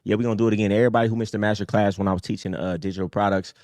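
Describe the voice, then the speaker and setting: A man hosting a live call-in show, talking casually in a streetwise, preachy way that swings from low mutters up to high emphatic bursts. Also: steady tone, very fast, darkish tone, no echo. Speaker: host. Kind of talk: casual livestream talk.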